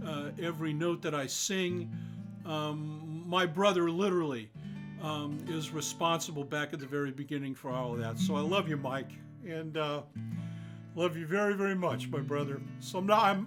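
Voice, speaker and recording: An older man hosting a live online concert, chatting casually between songs and greeting viewers by name. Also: on the high side. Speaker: singer-songwriter hosting a live stream concert.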